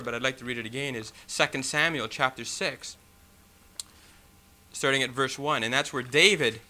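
A man's voice: a little high, sharp tone. A man preaching a sermon, reading scripture and then explaining it with rhetorical questions and folksy "you know" asides.

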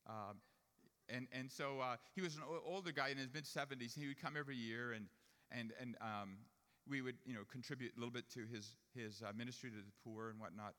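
Male preacher, storytelling sermon, bright forceful tone, long hall echo. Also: mid-range voice, a little fast. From Jewish family upbringing. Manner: storytelling, rising to emphatic preaching.

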